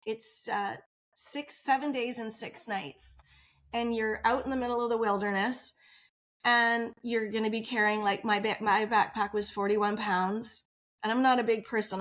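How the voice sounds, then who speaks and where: A woman's voice: fairly high pitch, a bit bright. A woman guest on a podcast interview, telling her personal story in an open, earnest way and laughing often.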